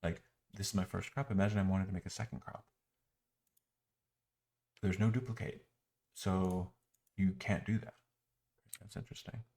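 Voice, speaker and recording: Low gravelly guy ranting about an app, sarcastic, mutters as he clicks. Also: little pitch movement, moderate pace, pauses often, darkish tone. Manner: exasperated, sarcastic griping. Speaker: software reviewer. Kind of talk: screen-recorded software critique.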